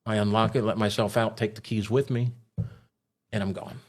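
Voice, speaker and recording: A man with a fairly low voice tells a story in a casual, spoken way. He acts out the voices of other people as he retells what happened. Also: flat delivery, moderate pace. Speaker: storyteller recounting a robbery.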